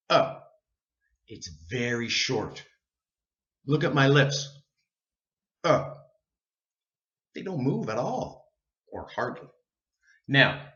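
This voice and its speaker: A man teaching an English pronunciation lesson, slow and deliberate, drawing out sounds for learners to repeat. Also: fairly high pitch, fairly bright tone, roomy sound, lo-fi sound.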